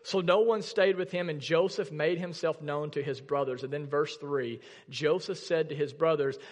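A man's voice: a little high, moderate pace, few pauses, long reverb tail. A male pastor preaching a sermon in a church, reading scripture aloud and asking the congregation questions in a conversational way. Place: church sanctuary.

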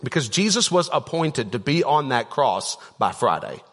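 Chatty pastor in a reverberant hall. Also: male voice, medium pitch, very animated, moderate pace, a bit bright. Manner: conversational, storytelling with filler words and restarts. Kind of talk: sermon. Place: church auditorium. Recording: long church-hall reverb.

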